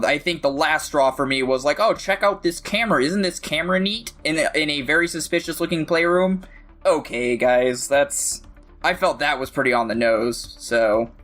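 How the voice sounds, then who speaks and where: A man's voice: mid-range voice, fairly bright tone. A man co-hosting a casual movie review podcast, reasoning aloud through the plot's what-ifs. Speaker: podcast co-host.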